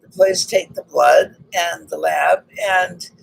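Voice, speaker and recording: Woman storyteller, casual vlog, animated re-enactments, gravelly fry. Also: on the low side, slow pace, slight background noise, rough recording. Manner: animated, re-enacts conversations, frequent restarts. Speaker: vlogger telling a personal story.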